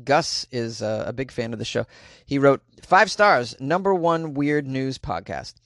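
A man's voice: medium pitch, sing-song, measured pace, a bit bright, no echo, clean studio sound. A man hosting a comedy news podcast, reading odd stories with wry, jokey asides. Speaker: podcast host.

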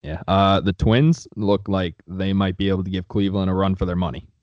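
A man's voice: low-pitched, fairly even intonation, fairly quick, no echo. Profane, fired-up sports podcast man. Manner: profane, heated ranting. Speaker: podcast co-host. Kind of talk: casual sports chat. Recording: dry, slightly dull sound.

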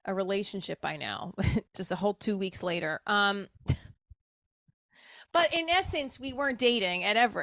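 A woman's voice: mid-range voice, fairly bright tone, no echo, studio quality. A woman talking candidly and emotionally in a rambling personal monologue, swearing casually as she goes. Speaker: show creator talking to camera.

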